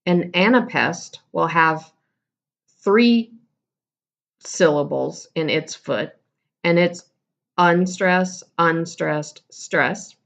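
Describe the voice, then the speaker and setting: A woman's voice: on the low side, very slow, creaky, pauses often. A woman teacher giving a casual recorded lesson, explaining terms and correcting herself as she goes.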